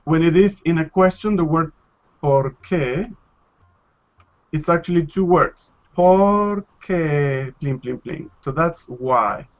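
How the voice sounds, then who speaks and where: Male language teacher, slightly high voice, unhurried, lo-fi call audio. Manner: patient, slow, repeats and models pronunciation. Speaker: Spanish teacher. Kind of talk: live online language class. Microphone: video call.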